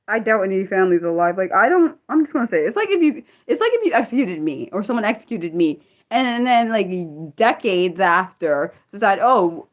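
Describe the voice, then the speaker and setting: Fired-up woman venting on a livestream. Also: on the high side. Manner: heated, swings between fired-up and muttered; swears freely, lots of restarts. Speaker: livestream host. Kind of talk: unscripted livestream chat.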